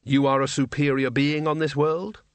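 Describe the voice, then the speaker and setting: A man voicing an empty hooded spirit with a slow, flat, toneless delivery, in a dry audiobook reading. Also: on the high side, clear, resonant tone, dry recording, lightly acted. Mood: questioning.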